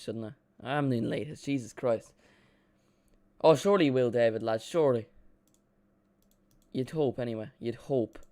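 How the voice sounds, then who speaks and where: A man gives loose, excitable play-by-play of a football match while chatting to his stream, often poking fun at himself. His voice comes across smooth and clear, at an ordinary pitch, recorded dry and close with no room around it. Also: no echo. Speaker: live watchalong streamer. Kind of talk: casual play-by-play commentary.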